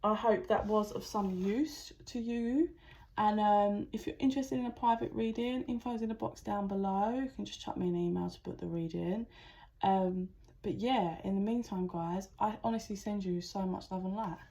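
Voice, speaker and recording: A woman's voice: medium pitch, normal speed, a little hiss or hum. A woman giving a chatty, channeled tarot reading, with lots of "like" and restarts. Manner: chatty, animated, full of "like" and restarts. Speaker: tarot reader.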